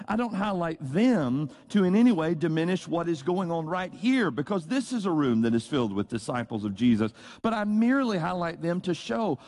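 A man's voice: high voice, a little mellow. A middle-aged man with a Tennessee Southern accent, preaching an earnest, conversational sermon with folksy asides and acted-out bits of dialogue.

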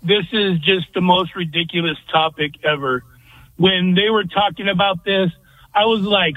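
A male caller with a very high, husky voice rants bluntly about sports. He comes through a dry, tinny phone line. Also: normal speed, no echo. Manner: blunt, opinionated rant. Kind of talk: call-in sports talk.

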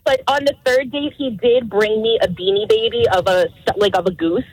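A woman calls in to a radio show and tells a funny story with giggles all through it. Her voice is fairly high and breathy, and she talks in a bright, animated way. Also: moderate pace, dry recording, low-quality recording. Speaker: radio caller. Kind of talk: telling a story on a call-in show.

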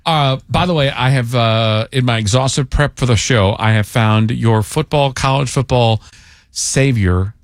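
A man's voice: mid-range voice, unhurried, no room sound, clean studio sound. A man hosting a sports talk show, playfully needling his co-host and steering the conversation.

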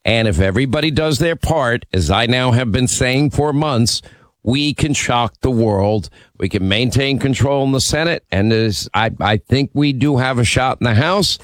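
A male talk radio host with a mid-pitched voice, speaking into a studio mic with a very dry, close sound. He talks emphatically and rallies his audience. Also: normal speed, no echo. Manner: emphatic, teasing, rallying listeners.

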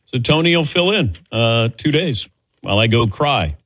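A man's voice: mid-range voice, animated, a bit bright. A middle-aged man hosting a sports talk show in a studio, chatting loosely and joking with his crew. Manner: loose, joking, reads ad copy briskly. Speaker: radio and TV sports show host. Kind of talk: casual sports radio chat. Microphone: studio microphone.

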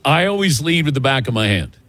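A man's voice: medium pitch, big pitch swings, fairly quick, a bit bright. A man hosting a sports radio show, chatting casually, laughing often and telling anecdotes into a studio microphone.

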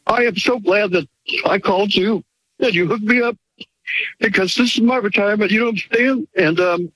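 A man's voice: high-pitched, normal speed, a bit bright, dry recording, low-quality recording. A man calling in to a talk show, emotional, grateful and rambling. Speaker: caller. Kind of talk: call-in chat.

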